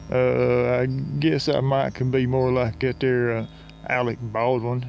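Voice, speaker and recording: A man narrating a comic story in folksy rural slang, drawling and unhurried. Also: medium pitch, steady tone, vocal fry, a little mellow, faint music behind.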